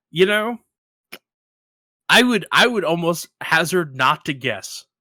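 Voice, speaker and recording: A man hosting a relaxed interview chat, his voice bright and forward and recorded close and dry. He rambles casually and jumps high and loud when he acts out a story. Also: no room sound. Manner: animated storyteller, rises high when retelling. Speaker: podcast host.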